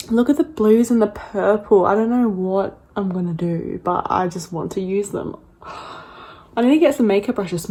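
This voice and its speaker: A young woman, gushing and gasping with excitement as she unboxes in a casual vlog, sometimes dropping to breathy whispers. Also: medium pitch. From Australia. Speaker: vlogger.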